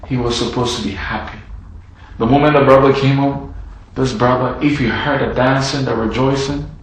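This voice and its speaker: A man preaching a sermon in a dramatic style, acting out the characters' words and swinging between loud, raised passages and hushed ones. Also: mid-range voice, fairly even intonation, normal speed. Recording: heavy room echo.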